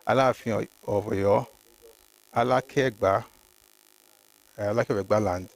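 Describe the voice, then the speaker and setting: A man's voice: fairly low pitch, fairly even intonation, a little slow, vocal fry. Man reading and commenting emphatically. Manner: reads documents aloud, then comments emphatically; addresses viewers by name, mixes Yoruba phrases. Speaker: host. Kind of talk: livestream history commentary.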